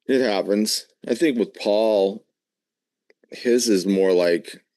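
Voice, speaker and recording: A man co-hosting a live Bible study, talking in an animated, emphatic way and asking lots of questions. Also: fairly low pitch, takes it slowly, no echo. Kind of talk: casual Bible study discussion.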